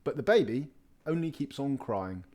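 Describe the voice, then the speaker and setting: A man reading a children's picture book aloud, telling it with real expression. His pitch sits in the middle but moves a great deal, rising and falling through the sentences. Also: moderate pace. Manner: lively expressive storytelling. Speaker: storybook reader.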